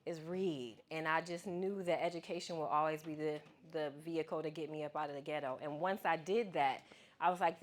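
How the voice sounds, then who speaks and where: A woman's voice: low-pitched, brisk. Woman keynote speaker on a handheld mic, chatty and playful with the kids in the hall. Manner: lively, playful, calls on the crowd. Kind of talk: casual speech to a student audience. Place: event hall with an audience.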